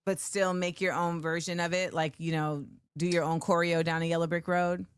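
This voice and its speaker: A woman's voice: on the low side, flat delivery, normal speed, clean tone, no echo, clean studio sound. A woman hosting a podcast in casual, playful conversation with her guest. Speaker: podcast host.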